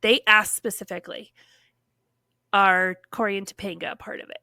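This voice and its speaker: Animated woman telling a story, bright voice. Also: mid-range voice, normal speed, gravelly, no echo, studio quality. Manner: animated, many fillers, acts out quotes. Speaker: podcast guest telling her story. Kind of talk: casual storytelling.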